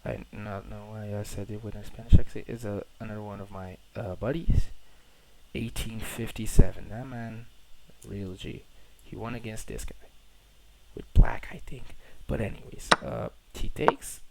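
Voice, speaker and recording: Young guy rambling over his chess game, lowish voice, swears a bit, cheap noisy mic. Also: steady tone, normal speed, gravelly. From Portugal. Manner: rambling, self-correcting, slangy and profane. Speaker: chess player reviewing his own game. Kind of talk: casual game commentary. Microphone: poor-quality microphone. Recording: cheap mic with loud noise.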